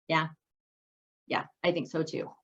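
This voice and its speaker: A middle-aged woman coaching a women's group, bubbly and excitable, telling stories with lively asides. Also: low voice, measured pace, vocal fry, muffled recording. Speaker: business coach leading a women's group meeting. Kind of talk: animated meeting talk with storytelling.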